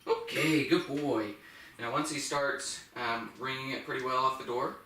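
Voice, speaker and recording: A man dog trainer explains his method in a calm, instructive way, breaking off for quick commands to the dog. He sounds a little distant from the microphone, and the room around him is echoey. Steady background noise runs under his voice. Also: medium pitch.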